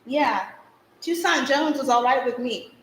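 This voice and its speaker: A woman's voice: high-pitched, unhurried, slight background noise. A young woman acting a theatrical monologue as a spirited girl recalling her childhood, with vivid, rhythmic storytelling on a stage. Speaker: stage actor. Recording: echoey live stage recording.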